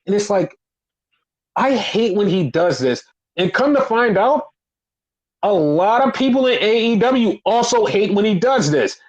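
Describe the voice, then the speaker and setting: Heated, profane man ranting fast. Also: sits high, very animated, dull audio. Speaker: wrestling podcast host. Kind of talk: casual rant.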